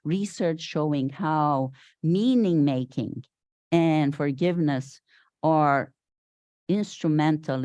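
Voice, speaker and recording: An older woman from Syria, a guest speaker giving an animated storytelling talk at a Sunday service, acting out the voices she quotes. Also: a bass voice, no room sound. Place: spiritual center meeting hall.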